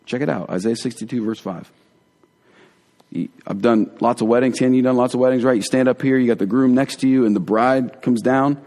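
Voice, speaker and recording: A man giving a conversational, earnest sermon as a pastor, dropping to hushed tones for emphasis. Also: medium pitch, a little fast. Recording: long hall reverb.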